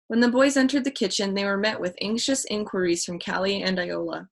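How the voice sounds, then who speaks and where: A woman's voice: mid-range voice, fairly quick, hardly any pauses. A woman reads a children's mystery novel aloud. She now and then stumbles and restarts a phrase. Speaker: audiobook reader.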